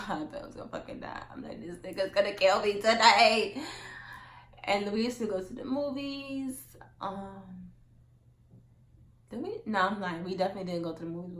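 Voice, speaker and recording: A young woman telling a casual storytime monologue as a vlogger, chatty and full of "like", acting out quotes loudly. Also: on the low side, echoey room.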